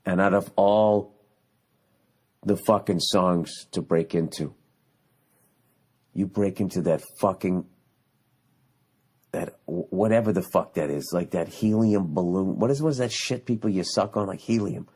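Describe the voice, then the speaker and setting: A man's voice: sits low, a little slow, long pauses, a little mellow, breathy edge. A man hosting a podcast, delivering a profane, sarcastic comedic rant that rambles through restarts and asides. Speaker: podcast host.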